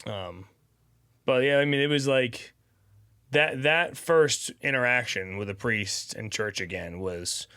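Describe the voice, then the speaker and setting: A man's voice: mid-range voice, a little slow, pushed and bright, clear, resonant tone, no echo. A man speaks as a podcast guest, recounting his story in a loose, conversational way. He leans on "you know" and "like" as he goes. His mid-range voice sounds close and dry in the studio. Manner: rambling, peppered with "you know" and "like".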